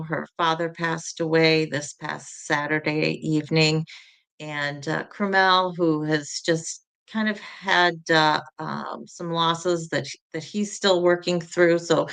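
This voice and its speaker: A woman's voice: sits low, vocal fry, a bit bright, clear, resonant tone. A middle-aged woman hosting an online community call in a chatty, rambling way, greeting viewers by name. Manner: chatty and rambling, reading viewers' names aloud. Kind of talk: casual chat.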